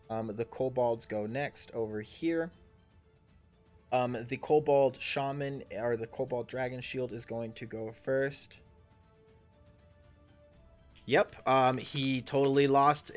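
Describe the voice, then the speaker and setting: A man in his thirties narrates a tabletop role-playing session as dungeon master, stopping often to fill gaps and restart his sentences. His voice sits at a middling pitch. Faint music plays underneath. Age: 30s. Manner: halting, full of fillers and restarts. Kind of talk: narrating a tabletop game livestream.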